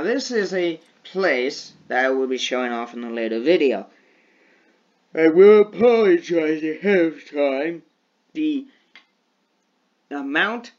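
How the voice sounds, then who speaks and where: A man from the United States talking over gameplay in a slow, deliberate way, repeating words as he thinks. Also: medium pitch, muffled recording. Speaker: gaming video creator. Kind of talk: gameplay commentary.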